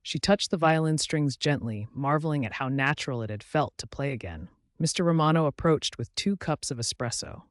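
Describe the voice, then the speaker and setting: A male narrator reading a scripted emotional story. His delivery is measured and dramatic at a middle pitch. The recording is dry and close, with no room sound. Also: lively intonation, no echo.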